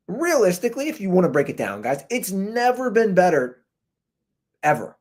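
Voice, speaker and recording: His pitch swoops wildly in a high, slightly mellow voice at normal speed. A man in his thirties, he hosts his own podcast and rants casually about a viral video, often saying "dude" and "man," through a computer mic.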